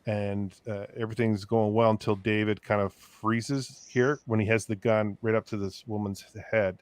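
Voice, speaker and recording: A man's voice: lowish voice, level tone, normal speed, no room sound. A man hosting a casual review chat, recapping scenes in a rambling way with many fillers. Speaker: podcast host.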